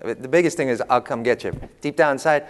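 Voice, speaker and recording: A man's voice: mid-range voice, a little fast. Man telling jokey stories, hall reverb. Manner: humorous, animated anecdotes. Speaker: panel speaker. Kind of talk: storytelling talk to an audience.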